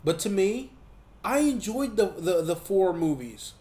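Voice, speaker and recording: A man giving a casual, profane movie review, talking in an animated way and mocking what he saw. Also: high-pitched, roomy sound. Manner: profane, animated, quick asides with mocking quoted voices.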